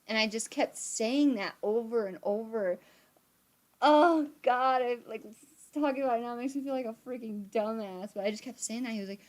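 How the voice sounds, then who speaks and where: A brisk, somewhat high-pitched young woman streams from her computer, casually recounting a story. She swears freely, stays animated, and voices the quotes herself.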